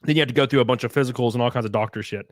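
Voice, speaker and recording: Animated man hosting a livestream. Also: mid-range voice, racing, no echo, clean studio sound. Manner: animated, swears, mocks critics in put-on voices. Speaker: livestream host. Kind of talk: casual livestream chat reading super chats.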